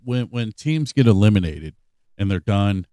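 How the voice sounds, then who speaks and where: Male sports podcast host, low voice, animated delivery, dry mic. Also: moderate pace, no room sound. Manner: animated, laughing, plays clips. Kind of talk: casual sports chat.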